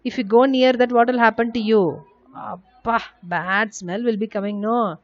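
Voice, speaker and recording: A woman's voice: fairly high pitch, steady tone, moderate pace, no room sound. A woman teacher with an Indian English accent, giving a lesson to small children, spelling out words letter by letter and answering her own questions. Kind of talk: recorded class lesson for young children. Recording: slightly dull lo-fi audio.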